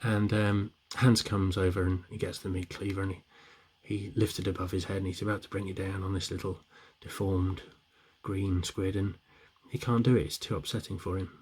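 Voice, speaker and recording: A middle-aged man tells long shaggy-dog jokes. His voice is low and deep, and he rambles. Faint noise sits under his voice. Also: level tone, moderate pace, hardly any pauses, darkish tone. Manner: rambling, with many fillers and restarts. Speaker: joke teller. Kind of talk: shaggy-dog joke telling.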